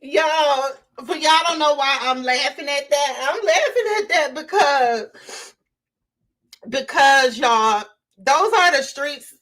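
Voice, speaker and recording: A woman with a high, slightly bright voice talks slowly as she hosts a casual livestream. She speaks straight to her viewers in a conversational way, repeats herself, and greets people in the chat by name.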